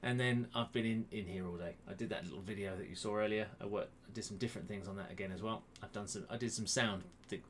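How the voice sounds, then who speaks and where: A man's voice: lowish voice, steady tone, quick pace, few pauses. Chatty male quiz host, self-mocking, greeting viewers from home over a webcam with faint background noise. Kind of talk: casual live-stream chat. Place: home room, indoors. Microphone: webcam close to the face.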